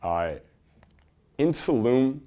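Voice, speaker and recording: Speaking to a live audience, a man delivers a lively seminar talk full of rhetorical questions, moving between loud emphasis and quiet asides. His pitch sits in the middle, his pace is very slow, and his tone is clean.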